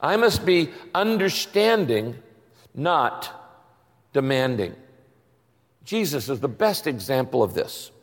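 A male pastor preaching a sermon to his congregation, lively and animated, fond of catchy rhymes and questions to the crowd. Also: mid-range voice, slow, pauses often, big-room sound. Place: large church hall.

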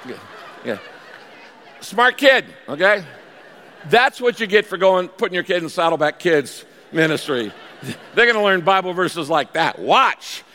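A man preaching a sermon from the pulpit, his voice sitting a bit higher than most men's. He tells stories with animated delivery, acting out pleading and begging voices. The sound carries a long reverb from a big hall. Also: moderate pace, some chatter behind. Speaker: pastor.

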